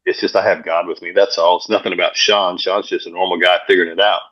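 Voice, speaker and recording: A man with a lowish voice tells a story as a guest on an interview show. He is energetic and often repeats words while he finds his thought. The recording sounds dull and lo-fi. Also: fast talker. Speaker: guest speaker, pastor and coach.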